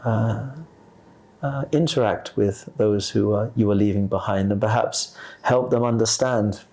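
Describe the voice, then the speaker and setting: Male podcast guest, lowish voice, earnest and reflective in explanation. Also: darkish tone. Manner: earnest, explaining with pauses and restarts. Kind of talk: spiritual discussion.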